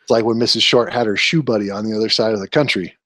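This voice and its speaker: A man's voice: on the low side, steady tone, fast talker, a bit bright. A man in his twenties co-hosting a casual podcast, telling annoyed stories with an exasperated, ranting manner. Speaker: podcast co-host.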